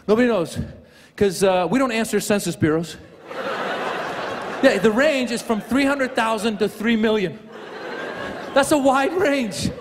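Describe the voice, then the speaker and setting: A man performing a playful, animated stand-up comedy set on a large theater stage. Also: high voice, unhurried, pauses often, noisy background. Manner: playful, animated, building to punchlines. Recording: live hall with loud crowd laughter.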